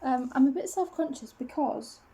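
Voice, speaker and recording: A woman's voice: high voice, normal speed, warm tone. A young woman vlogging at home, talking openly to camera in a rambling, self-conscious way with lots of fillers and restarts. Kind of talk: casual confessional chat to camera.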